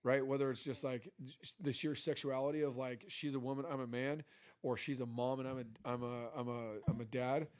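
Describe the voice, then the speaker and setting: A man's voice: mid-range voice, steady tone, fairly quick, smooth. A man in his thirties co-hosting a podcast with his wife, talking in a loose, rambling way and acting out quoted exchanges. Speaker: podcast co-host. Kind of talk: casual chat.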